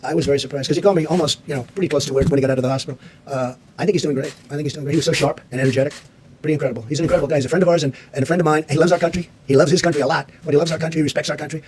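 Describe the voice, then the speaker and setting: A man's voice: on the high side, steady tone, very fast, noisy background. A man, the president, answering reporters at a press briefing in a combative, repetitive way.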